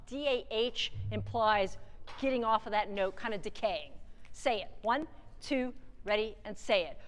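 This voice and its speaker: A woman's voice: fairly high pitch, normal speed. A woman leading a school wind band rehearsal, singing rhythms on syllables and counting the players in. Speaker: band clinician. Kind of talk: rehearsal instruction. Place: theatre stage with a wind band. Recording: long theatre reverb with band playing.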